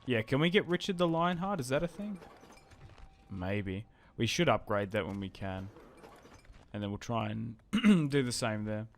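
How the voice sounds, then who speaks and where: A man's voice: on the low side, animated, moderate pace. A young Australian man giving casual, rambling, sweary commentary while playing a strategy game on stream. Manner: laid-back, sweary, rambling.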